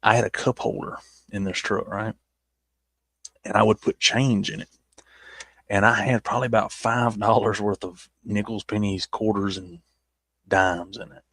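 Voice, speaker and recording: Southern male vlogger, rambling and self-mocking, low husky voice, dry close mic. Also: steady tone, moderate pace, pauses often, fairly bright tone, no echo. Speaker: YouTuber reviewing his old videos. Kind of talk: casual chat.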